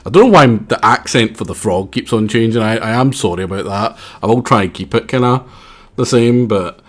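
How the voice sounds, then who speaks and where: A man's voice: on the low side, brisk. A young man streaming a game, rambling and apologetic in playful, casual commentary.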